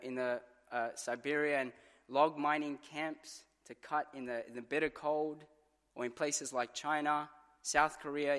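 Male preacher, bright and forceful, storytelling sermon, long church reverb. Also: mid-range voice. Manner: earnest storytelling with dramatized quotes. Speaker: pastor.

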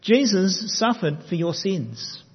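A man preaching a sermon, measured and emphatic, slowing down to stress key words. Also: sits high, big pitch swings, breathy edge. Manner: measured, emphatic delivery with slow stressed phrases. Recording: long reverb, dull lo-fi sound.

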